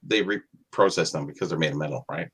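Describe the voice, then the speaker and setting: Deep, husky man chatting on a podcast. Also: fast talker, fairly bright tone. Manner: rambling, self-deprecating. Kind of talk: casual podcast chat.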